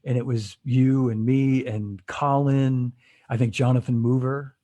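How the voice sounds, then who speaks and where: A man's voice: mid-range voice, steady tone, measured pace, dark tone. A man hosting a casual interview over a video call, telling a rambling story with many restarts and frequent laughs. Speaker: host.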